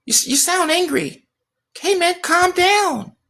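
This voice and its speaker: A man putting on a whiny, high-pitched, nasal voice to mock a condescending male nitpicker. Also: animated, slow pace, gravelly, bright, forceful tone, heavily acted. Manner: mocking, nasal, patronizing.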